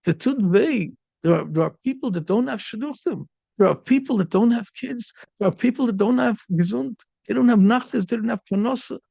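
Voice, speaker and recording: A man's voice: extremely high pitch, fairly quick, vocal fry, mellow, husky, no room sound, dull audio. A middle-aged man, a rabbi, giving a storytelling sermon peppered with Yiddish and Hebrew terms.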